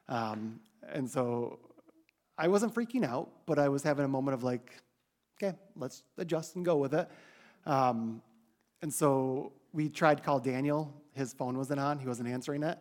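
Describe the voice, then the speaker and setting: A man's voice: medium pitch, moderate pace. A man leading a church mission team, telling the congregation about the trip in a casual, chatty way on a handheld mic. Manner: chatty, animated when quoting others. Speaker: mission trip leader giving a church report.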